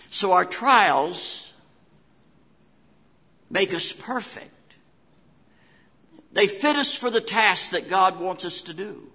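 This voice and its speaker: Older West Virginia preacher, man, folksy sermon storyteller; raspy, slightly high voice, echoing through a big hall. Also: bright, forceful tone. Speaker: pastor.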